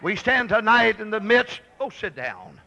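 A man preaching a fiery revival sermon, shouting and thundering in repeated exhortations to a church congregation. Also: high-pitched, big pitch swings, unhurried, creaky, lo-fi sound, a little hiss or hum.

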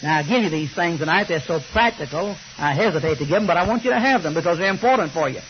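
Brief: older man preaching, joking storyteller, higher voice, muffled lo-fi recording. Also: animated, fast. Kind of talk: sermon. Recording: slightly muffled recording with faint hiss.

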